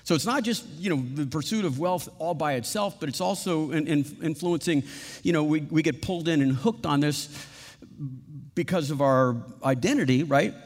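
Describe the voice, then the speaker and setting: A man preaching a sermon, animated, acting out little quoted voices and laughing at his own examples. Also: a little high, normal speed, in a large hall. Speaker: pastor.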